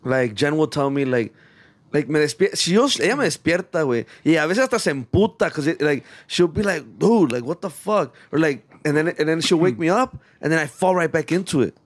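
Man, rambling casual storyteller, switches into Spanish slang, slightly higher pitch. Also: lively intonation, fairly quick. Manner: rambling, many restarts, mixes Spanish slang and swearing. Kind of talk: casual chat.

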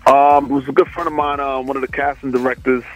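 Male guest, New York accent, mid-pitched, relaxed and rambling, faint music in the background. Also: fast, low-quality recording. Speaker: comedian guest. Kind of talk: casual interview chat.

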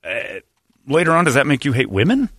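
A man's voice: mid-range voice, very animated, fairly quick, a bit bright, slightly rough, no echo, studio quality. A middle-aged man hosting a radio show, talking in a blunt, sarcastic, rambling way. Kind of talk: casual talk radio banter.

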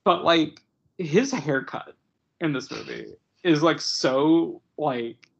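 Gravelly, husky young man mocking films. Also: a little high, slow. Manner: rambling, mocking, many fillers, laughs often. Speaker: podcast co-host. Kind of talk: casual chat. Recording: dull lo-fi recording.

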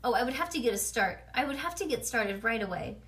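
A woman voicing an excitable, boastful little girl while reading a storybook aloud. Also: a little high, quick pace. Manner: boastful, chattery, eager. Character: excitable bossy little girl, kindergarten age. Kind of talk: bedtime read-aloud.

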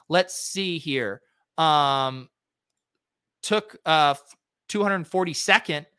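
A man's voice: medium pitch, clean tone, dry recording, studio quality. A man hosting a fantasy sports podcast, talking casually through lineups with lots of ums and uhs as he thinks aloud. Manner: relaxed, filler-heavy, thinking aloud. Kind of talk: casual solo lineup review.

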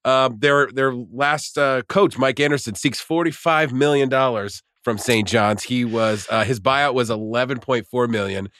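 A man's voice: medium pitch, a little slow, few pauses, a bit bright, dry recording. A rambling, storytelling man on a dry mic. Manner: rambling storyteller, swearing freely. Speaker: podcast co-host. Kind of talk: casual chat.

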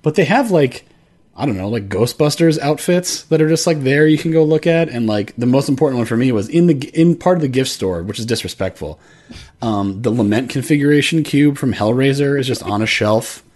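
A man's voice: mid-range voice, animated, fairly quick, a little mellow. A man co-hosting a comedy podcast, chatting casually and rambling with lots of fillers and restarts. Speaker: podcast co-host.

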